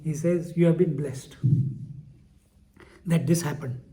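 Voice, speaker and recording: High-voiced man telling a lively story. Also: slow pace. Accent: Indian. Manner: animated, laughing often, mixes in Hindi phrases. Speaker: spiritual teacher. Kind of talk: storytelling discourse.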